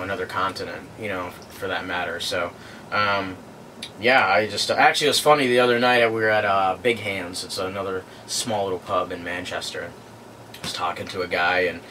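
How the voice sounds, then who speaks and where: Man, bright lowish voice, loose rambling answers, slightly distant mic, faint background hum. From born in London, raised in the US. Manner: relaxed, rambling with many fillers. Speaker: band guitarist. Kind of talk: casual interview answers.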